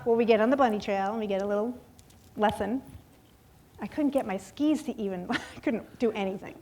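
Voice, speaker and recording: A woman in her fifties telling a lively personal story in a sermon, acting out voices and laughing often. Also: mid-range voice, fairly quick. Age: 50s. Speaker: guest speaker at a church service.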